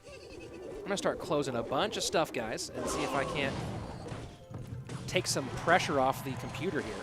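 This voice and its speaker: A man with a slightly high voice calls a live esports match, chatty and excitable. He jumps between the plays and shout-outs to chat. Music plays clearly underneath him. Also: moderate pace. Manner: chatty, excitable, thanks viewers by name. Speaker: esports caster and streamer. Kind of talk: live game commentary mixed with chat reading. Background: background music.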